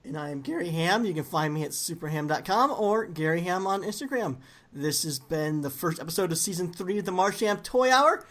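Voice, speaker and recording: A man's voice: high-pitched, expressive, fairly quick, fairly bright tone. A man hosting a podcast, chatting casually and playfully, often laughing. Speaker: podcast host. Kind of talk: casual chat.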